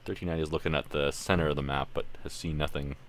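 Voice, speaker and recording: A man's voice: a bass voice, steady tone, very fast, slight background noise. A Canadian man from Ontario streaming a tank game, talking casually and thinking aloud as he plays. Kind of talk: live gameplay commentary.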